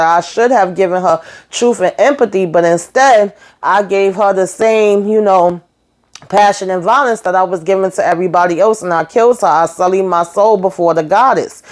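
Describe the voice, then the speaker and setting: A woman reviewing a TV episode, retelling the plot in a sassy, emphatic, slangy way and tagging her lines with "okay?" and "baby". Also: on the low side. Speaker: TV show reviewer. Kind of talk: casual episode recap.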